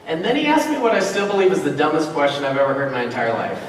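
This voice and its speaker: A man from Utah giving a motivational keynote talk to a convention audience, telling stories with a lively, conversational touch and acting out the dialogue. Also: on the high side, very fast, background noise. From Utah, USA. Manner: animated storyteller, acts out dialogue, conversational asides. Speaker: keynote speaker. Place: large convention hall, live audience. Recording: echoey hall from far off.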